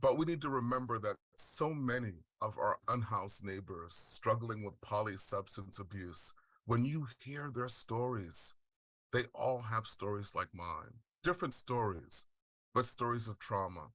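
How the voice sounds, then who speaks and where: A middle-aged man from the Deep South, speaking on a webinar panel and sharing his personal story in an earnest, heartfelt way. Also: expressive, measured pace, fairly bright tone, no room sound. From Deep South of the United States. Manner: earnest, heartfelt, with frequent "um" and "right?". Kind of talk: personal testimony and presentation. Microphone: video call.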